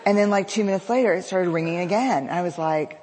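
A woman telling a personal story to an audience, lively and acting out the dialogue she quotes. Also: on the low side, a little fast, slight background noise. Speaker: public speaker. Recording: long reverb of a large hall.

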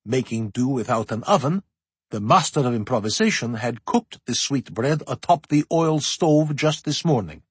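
Husky, expressive male storyteller. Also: medium pitch, no echo. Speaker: audiobook narrator. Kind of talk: first-person audiobook narration.

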